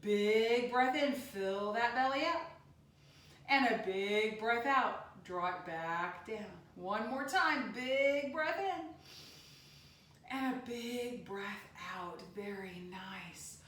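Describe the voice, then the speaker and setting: A woman teaching a yoga class for children, giving gentle sing-song instructions. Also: on the high side, lively intonation, slow pace. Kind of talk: guided kids' yoga class. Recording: echoey room, distant mic.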